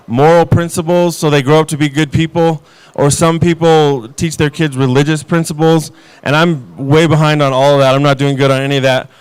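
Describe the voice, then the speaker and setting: A man in his thirties doing a stand-up comedy set, telling stories about his kids with deadpan, self-mocking delivery. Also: fairly high pitch, clear, resonant tone. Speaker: stand-up comic.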